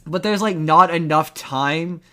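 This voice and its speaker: A man co-hosting a podcast in casual chat, retelling a film scene by scene and acting out its lines. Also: fairly high pitch. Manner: animated, acts out movie lines in quick retellings. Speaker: podcast co-host.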